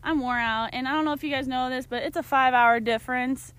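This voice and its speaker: Young woman, high-pitched podcast co-host with animated storytelling and squeaky acted-out quotes. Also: quick pace. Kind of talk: casual chat.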